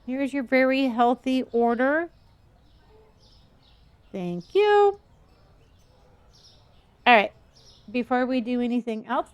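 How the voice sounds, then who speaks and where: A woman with a slightly high-pitched voice streams a game in a casual, chatty way. She keeps up playful, gently teasing commentary and thanks viewers by name, calling them honey and dear. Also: dry recording. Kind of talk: casual live-stream chat while playing.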